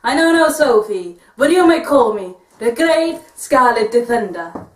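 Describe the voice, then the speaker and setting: A woman putting on a proud masked swashbuckler, put-on Spanish accent, formal deadpan delivery, fairly high voice. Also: measured pace. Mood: grandly puzzled. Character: grand swashbuckling masked hero, female, proud. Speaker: co-host of a movie review. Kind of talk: comedic movie review in character.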